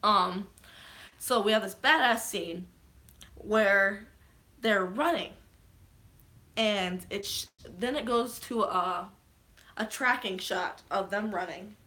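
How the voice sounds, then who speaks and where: A young woman excitedly recapping a film in casual talk, swearing often and acting out quoted lines. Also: mid-range voice, slow pace, long pauses. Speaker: vlogger.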